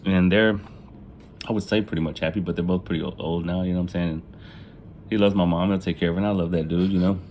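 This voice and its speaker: Low-voiced man telling his life story. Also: steady tone, fast talker, darkish tone, a little hiss or hum. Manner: casual, profane, laughs at his own jokes; acts out family members in quoted lines. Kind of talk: casual storytelling.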